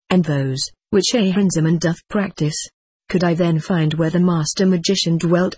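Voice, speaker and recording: A reader voicing a vengeful, scheming queen in an audiobook, in slow, archaic, brooding speech. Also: medium pitch, a little mellow, breathy edge, no echo, natural voice. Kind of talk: audiobook character reading.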